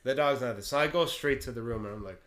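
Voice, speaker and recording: A man casually telling a story, animated, swearing now and then and laughing through the tense parts. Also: medium pitch, fast.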